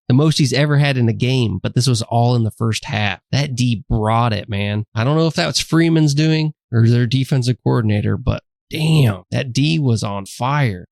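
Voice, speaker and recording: A man with a gravelly voice talks through college football results with easy, joking slang. The sound is dry and close, with no room behind him. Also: mid-range voice, dry recording. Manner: laid-back, joking, slangy. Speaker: podcast co-host. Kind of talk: casual sports chat.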